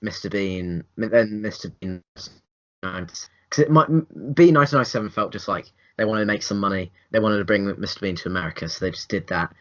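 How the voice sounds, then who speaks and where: A man's voice: fairly low pitch, fast talker. Young man, casual podcast co-host, rambling, restarts, dull lo-fi sound. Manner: rambling, restarts, animated put-on quotes. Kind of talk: casual film review chat. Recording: dull lo-fi home recording.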